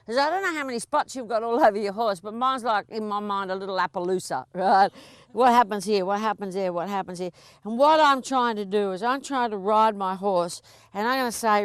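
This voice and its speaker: A woman instructor coaching a live riding lesson, chatty and encouraging, often breaking into laughs. Her voice sits a little high, and the sound is close and dry. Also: normal speed, no room sound.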